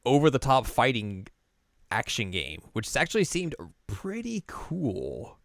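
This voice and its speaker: A man's voice: medium pitch, wildly swooping pitch, a little slow, creaky, fairly bright tone, no room sound. A man co-hosting a podcast in casual chat, laid-back and chatty, with dry asides and chuckles. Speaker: podcast co-host.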